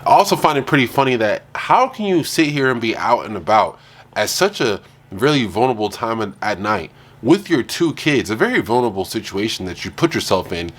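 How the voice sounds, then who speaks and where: A man's voice: on the low side, very animated, brisk. A man hosting a reaction channel, giving exasperated, slangy commentary and hammering home his points.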